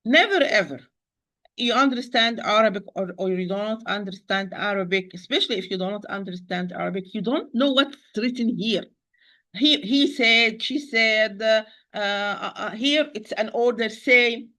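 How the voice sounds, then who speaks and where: A woman teaching Quran recitation in an online lesson, patiently repeating words slowly to demonstrate pronunciation. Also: medium pitch, a bit bright, low-quality recording. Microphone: computer, teaching over a shared screen.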